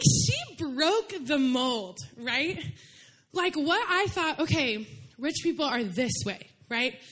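A young woman preaching a sermon in a chatty storytelling way, full of "like" and quick laughs. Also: high-pitched. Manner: chatty, full of "like", laughs while telling stories.

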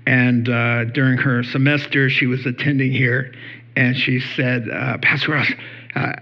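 A man's voice: mid-range voice, flat delivery, a little slow, muffled recording. A male pastor giving a conversational sermon, telling stories with many fillers.

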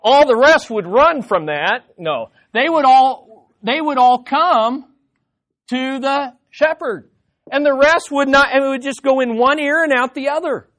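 A man preaching an expository sermon to his congregation, animated and conversational, often restarting his sentences and dropping into quick playful impressions. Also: very high-pitched. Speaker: pastor.

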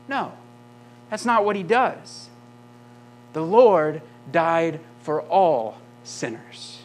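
A man's voice: a little high, big pitch swings, drawn-out words. A male pastor preaching a sermon, emphatic, often asking the congregation rhetorical questions.

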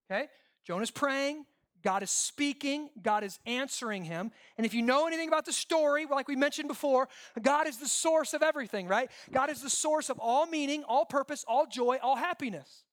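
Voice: mid-range voice, a bit bright. A pastor preaching a sermon in an emphatic way, using repeated lists and rhetorical questions and checking in with listeners often.

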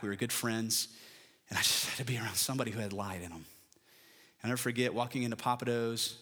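A middle-aged male pastor delivering a sermon, his voice bright and forceful. He climbs in pitch through emphatic lists, then settles into a plain, conversational storytelling tone. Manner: animated preaching, rising emphatic lists, personal storytelling.

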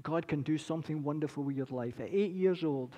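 A man in his sixties preaching a sermon, earnest and repetitive, rising from quiet to impassioned. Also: fairly high pitch, brisk. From Britain. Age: 60s. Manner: earnest, building from quiet to impassioned, repeats phrases. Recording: long reverb of a large hall.

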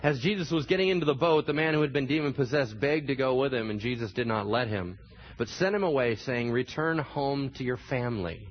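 A man preaching a sermon as a pastor, animated and acting out the voices of people in the story. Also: medium pitch, brisk, dull audio, a little hiss or hum.

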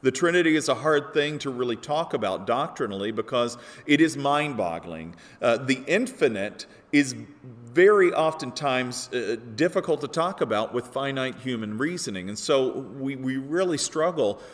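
A man's voice: medium pitch, expressive, normal speed. Man preaching a sermon in a reverberant hall. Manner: earnest, builds to emphatic peaks when quoting. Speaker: pastor.

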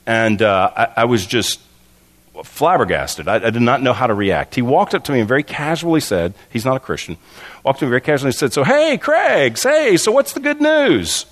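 A man preaching a sermon, telling stories with animated, stammering delivery and acting out the voices in his anecdotes. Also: medium pitch, fast talker. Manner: stammers and restarts often. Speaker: pastor.

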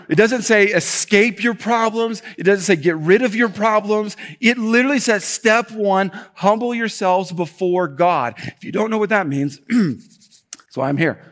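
A man preaching a sermon in a fairly high voice. He builds to emphatic, repeated points, then eases into chatty, self-deprecating asides with the congregation. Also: measured pace. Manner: animated preaching with emphatic repetition and rising intensity. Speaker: pastor.

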